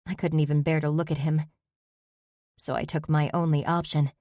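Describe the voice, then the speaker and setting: A woman reading a first-person story aloud as an audiobook narrator, steady and even. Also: low voice, normal speed, no room sound, clean studio sound.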